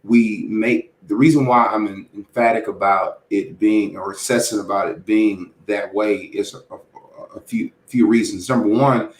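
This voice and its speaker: A man's voice: fairly low pitch, fairly even intonation, moderate pace, few pauses. A man hosting a casual interview chat, upbeat and emphatic, laughing often. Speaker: host. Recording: roomy echo.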